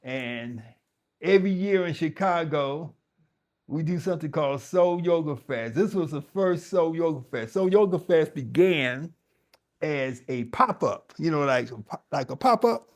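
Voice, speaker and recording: A man's voice: on the high side, animated, a little slow. Emphatic, conversational man teaching yoga. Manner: conversational, emphatic, with frequent restarts. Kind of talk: spoken talk to a yoga audience.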